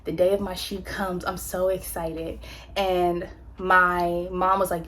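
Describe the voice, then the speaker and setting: A woman from California telling her own story in a candid, animated, slangy way, as a motivational vlogger on a close mic. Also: fairly low pitch, a little slow. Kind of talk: personal storytelling, motivational talk.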